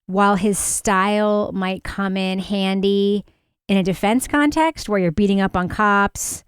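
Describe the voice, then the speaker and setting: A woman, a journalist and podcast co-host, chatting in an animated, sarcastic way and often mimicking people. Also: medium pitch, unhurried, clear, resonant tone, no echo, studio quality. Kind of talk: casual chat.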